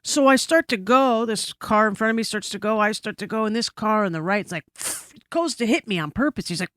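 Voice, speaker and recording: A woman guest on a podcast telling a story in casual chat, animated and full of swearing and asides, recorded in a studio. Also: mid-range voice, a little fast, dry recording. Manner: animated, profane, frequent asides.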